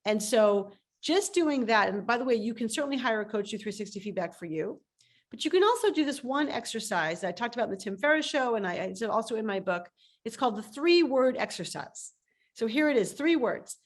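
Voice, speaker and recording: A startup coach appears as a guest in a video call interview, telling stories emphatically and with lots of energy. Her voice is a little high and her pace brisk.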